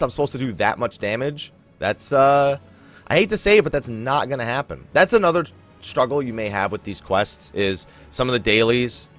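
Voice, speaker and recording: A young man hosting a let's play, commentating his gameplay in an animated, chuckling, self-mocking way, with faint game music behind him. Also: mid-range voice. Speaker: gaming channel host.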